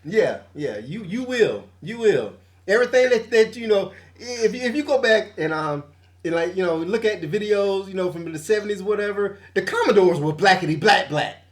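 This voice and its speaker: A man with a high speaking voice hosts a loose music-review chat. He swears freely and gets animated. He breaks into laughter often. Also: normal speed. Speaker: podcast host.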